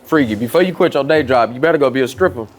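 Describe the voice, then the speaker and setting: A man hosting a casual interview show, talking in a loud, profane, playful pep-talk manner. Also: medium pitch, animated, very fast, slight background noise. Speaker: show host. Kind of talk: casual hype interview chat.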